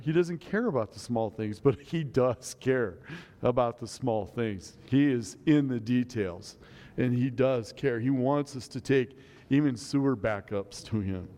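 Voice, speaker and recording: A man's voice: mid-range voice, mellow. A middle-aged man preaching a sermon in a church, earnest and conversational, with many rhetorical questions. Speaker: pastor. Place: church sanctuary. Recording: long hall reverb.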